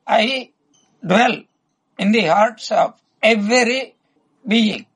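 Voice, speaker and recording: Guy, husky gravelly voice, telling old devotional stories slow, keeps clearing his throat. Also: high voice, fairly bright tone, low-quality recording. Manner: unhurried, retells stories with quoted dialogue, frequent throat clearing. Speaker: spiritual teacher. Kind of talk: devotional discourse with storytelling.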